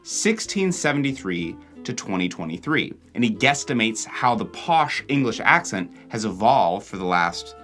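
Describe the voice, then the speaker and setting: A young American man narrates his travel vlog in a chatty way, his pitch rising and falling a lot. A faint music bed plays underneath. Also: moderate pace, hardly any pauses. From Oregon, USA. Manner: animated, chatty. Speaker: vlogger host.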